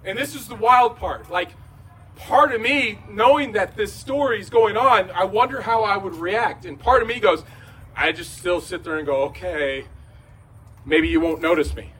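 A man preaching a conversational sermon in a large room, going from hushed to shouting. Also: high-pitched, normal speed, far from the mic, a little hiss or hum, low-quality recording. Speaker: pastor.

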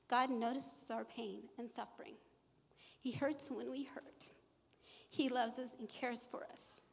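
A middle-aged woman gives an earnest, emotional faith testimony to a live audience, quoting scripture as she goes. Her fairly high voice carries vocal fry, and a large hall lends a long echo.

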